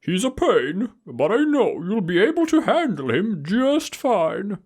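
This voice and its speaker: A woman's voice: mid-range voice, big pitch swings, measured pace, darkish tone, slightly rough, pitched above the performer's own voice. A woman voicing a flamboyant, airy male pigeon nobleman in a visual novel game, reading a letter in a theatrical sing-song.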